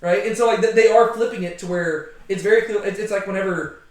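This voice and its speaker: High-voiced man teaching in echoey room. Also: quick pace. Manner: animated, chatty, acts out quotes, asks the group questions. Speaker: Bible study teacher. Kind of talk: casual group Bible teaching.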